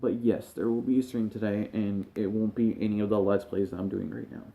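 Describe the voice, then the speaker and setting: A man with a warm, mellow voice talks straight to his viewers while grieving and close to tears. His speech is halting and emotional, with phrases that often fade to a near hush. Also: on the low side, fairly even intonation, vocal fry. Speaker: gaming streamer. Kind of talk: personal talk to camera.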